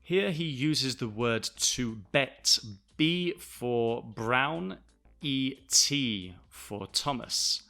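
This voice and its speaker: A man from the south of England with a Southern English accent, explaining English vocabulary to learners in a clear, deliberate way. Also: medium pitch, expressive, pushed and bright, soft background music. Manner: clear, deliberate, spells words out. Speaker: English teacher, podcast host.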